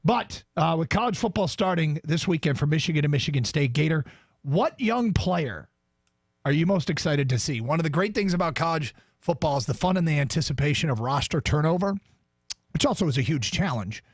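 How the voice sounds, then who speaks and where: A man's voice: fairly high pitch, animated, a little fast, dry recording, studio quality. A man co-hosting a sports radio show, chatting casually and leading the segment. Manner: chatty, runs the segment, reads the call-in number.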